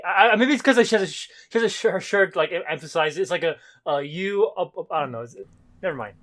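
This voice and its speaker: A man's voice: high-pitched, lively intonation, quick pace, a crowd in the background. A man co-hosting a casual podcast, blunt and profane, laughing often and restarting his sentences. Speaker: podcast co-host. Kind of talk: casual chat.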